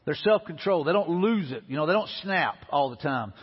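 A man's voice: a little high, lively intonation, brisk, breathy edge. A middle-aged man, preaching a sermon as pastor in a folksy, conversational way. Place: church sanctuary. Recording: dull lo-fi audio in a reverberant hall.

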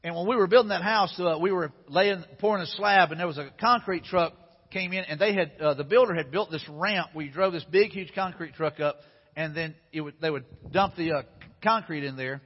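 High-voiced husky male pastor preaching. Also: brisk. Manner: conversational, repeats phrases. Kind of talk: sermon. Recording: dull sound with long hall reverb.

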